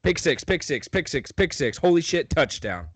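A man's voice: a little high, big pitch swings, moderate pace, breathy edge, no echo. A man co-hosting a casual sports podcast, joking and laughing often as he talks. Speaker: podcast co-host.

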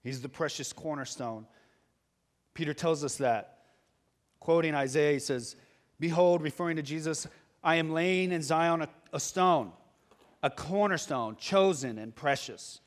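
A man's voice: fairly high pitch, moderate pace. A male pastor preaching a sermon, earnest and building to urgent exhortation. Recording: long hall reverb.

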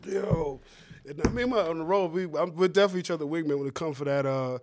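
A man's voice: a little high, noisy background. A male comedian guesting on a podcast, talking easily about life on the road and chiming in on shared stories. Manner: easygoing, backs up the story with quick interjections. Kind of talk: casual podcast chat.

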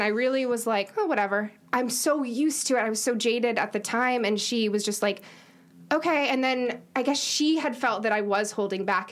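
A woman chatting casually as a podcast co-host, telling a personal story full of "like" fillers. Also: a little high. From Los Angeles area. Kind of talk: casual chat.

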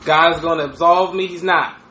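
A man hosting a podcast, talking in casual crude banter, animated and profane, laughing often. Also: on the high side, brisk. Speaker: podcast host. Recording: echoey room with faint noise.

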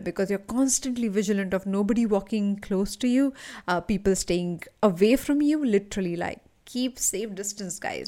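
A woman, a coach hosting a podcast, telling an animated motivational story and calling the listener her friend. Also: mid-range voice. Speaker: leadership and anti-anxiety coach, podcast host.

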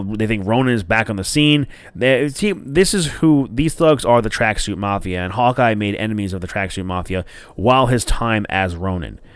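A man's voice: fairly low pitch, smooth, no room sound. A man casually recapping a TV episode, rambling with lots of fillers and restarts and swearing now and then. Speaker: show recapper.

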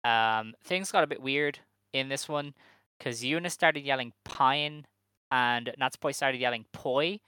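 A man's voice: medium pitch, normal speed, bright, forceful tone, clear, resonant tone, dry recording, low-quality recording. A man co-hosting a podcast, recapping in a wry, rambling chat full of fillers. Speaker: podcast co-host.

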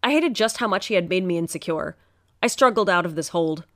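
A woman's voice: lowish voice, lively intonation, a little fast, dry recording, clean studio sound. A woman narrating a first-person story in an earnest, emotional storytelling manner.

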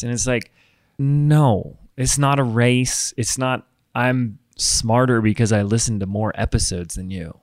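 A man's voice: medium pitch, moderate pace, no echo, studio quality. Upbeat chatty male podcast host. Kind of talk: casual solo podcast monologue.

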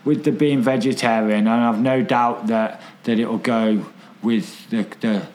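A man's voice: medium pitch, steady tone, measured pace, a little mellow. A man, telling stories in casual chat, repeating himself and swearing freely. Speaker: podcast guest.

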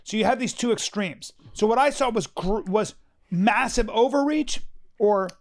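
A man with a high-pitched voice holds forth in a casual podcast chat. He is emphatic and profane, often stumbling over his sentence starts, and acts out other people's words as he talks. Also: normal speed. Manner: emphatic, profane, frequent restarts, acts out quotes.

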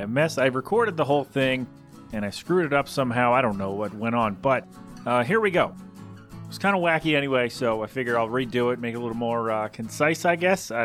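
A man's voice: medium pitch, fairly bright tone, no echo. A man hosting his own podcast, talking casually in a rambling, sarcastic and exasperated way. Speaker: podcast host. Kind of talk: casual solo podcast monologue.

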